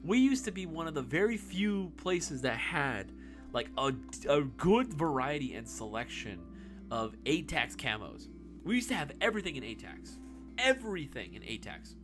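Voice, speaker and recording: A man's voice: fairly high pitch, very animated, normal speed, fairly bright tone, faint music behind. A young man hosting a casual live-stream Q&A, swearing freely and laughing often. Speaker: live stream host answering viewer questions.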